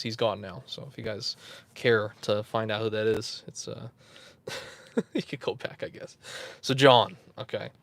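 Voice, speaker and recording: A man's voice: mid-range voice, fairly bright tone, no room sound. A man hosting a casual livestream, rambling, chuckling and answering viewers in the chat. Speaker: YouTube host.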